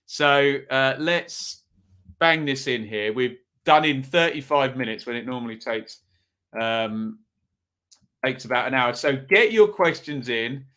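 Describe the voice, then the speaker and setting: Lively in intonation yet unhurried, this mid-range male voice is bright and forceful as he hosts a live football predictions stream. He chats casually, asks chat for their predictions, and reads viewers' comments out loud.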